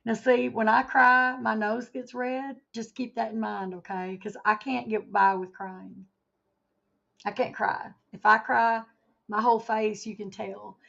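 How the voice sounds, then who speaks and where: A woman's voice: a little high, steady tone, a little slow, vocal fry, a bit bright, highs cut off. A woman hosting a casual home livestream, chatting and reading news headlines aloud. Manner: chatty, reads headlines aloud, laughs often. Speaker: livestream host. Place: home, indoors.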